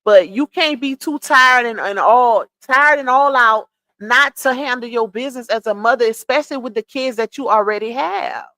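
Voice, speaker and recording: High-voiced blunt woman scolding on a livestream. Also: normal speed, sharp tone, dry recording. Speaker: livestream commentator. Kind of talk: casual gossip commentary.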